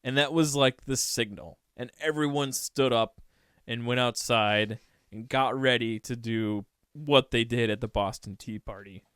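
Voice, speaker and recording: A man co-hosting a history podcast, telling the story in an animated, irreverent casual way. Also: mid-range voice, unhurried, clean tone, no room sound, studio quality. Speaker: podcast co-host.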